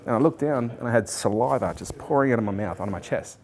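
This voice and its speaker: Man, 40s, interview guest; rapid, animated storyteller who swears and acts out quoted speech. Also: mid-range voice.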